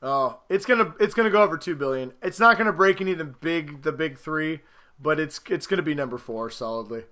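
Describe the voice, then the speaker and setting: A man co-hosting a podcast, chatting casually and excitedly about a movie, swearing and acting out scenes. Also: fairly high pitch, a little fast. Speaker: podcast co-host. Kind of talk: casual movie review chat.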